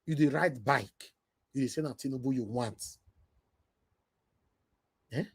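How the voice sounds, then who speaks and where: A man from the UK with a Nigerian Pidgin accent, giving an animated, emotional commentary rant. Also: medium pitch, measured pace, husky. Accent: Nigerian Pidgin English. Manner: animated, emotional, switching from loud to soft. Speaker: vlogger.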